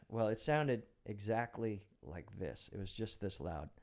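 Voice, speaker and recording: A man's voice: on the low side, lively intonation, measured pace, a little mellow. A middle-aged man, a retired police officer, telling a vivid personal story as a guest in a casual interview, now and then swearing.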